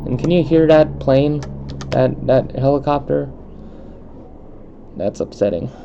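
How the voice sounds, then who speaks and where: Young us guy rambling while he games, laughs a lot, kinda gravelly, muffled cheap mic. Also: medium pitch, a little slow, background noise. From United States. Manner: rambling, laughs often, many fillers. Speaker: let's play host. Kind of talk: casual chat while gaming. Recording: dull lo-fi microphone.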